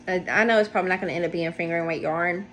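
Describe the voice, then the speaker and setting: A woman's voice: fairly low pitch, racing, fairly bright tone, a little hiss or hum. A woman hosting a casual knitting video podcast from home, chatting in a rambling, self-deprecating way as she shows her projects. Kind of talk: casual show-and-tell chat. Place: home, indoors.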